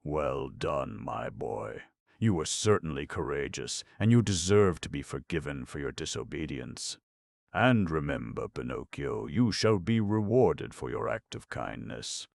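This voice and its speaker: A man's voice: very deep voice, big pitch swings, a little slow, vocal fry, no room sound, exaggerated voice. A man voicing a commanding but kindly sea creature who speaks with grave authority in a storybook. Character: commanding kindly old male dolphin.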